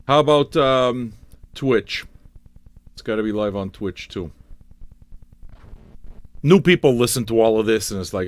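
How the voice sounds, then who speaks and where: A man's voice: fairly low pitch, animated, measured pace, pauses often, no echo. A man hosting a live music stream show, rambling and swearing in playful exasperation. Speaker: radio show host. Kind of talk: casual livestream chat.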